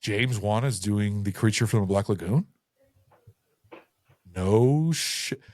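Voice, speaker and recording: A man's voice: fairly low pitch, slow, a little mellow, no room sound. A tipsy man hosting a podcast, rambling casually with lots of fillers and swearing. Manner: loose, profane, rambling with fillers. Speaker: podcast host. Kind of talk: casual chat.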